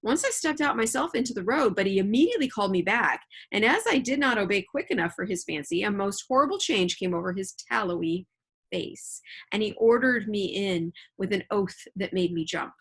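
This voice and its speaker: A woman's voice: medium pitch, expressive, fairly quick, breathy edge. A woman teacher reading a novel aloud at home and explaining it to her students in a casual, chatty way with frequent check-ins. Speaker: middle school teacher.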